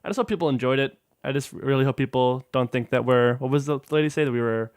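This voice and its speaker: A man's voice: mid-range voice, fast talker, clear, resonant tone, no echo, clean studio sound. A man joining a casual podcast chat by video call, earnest and a bit hesitant.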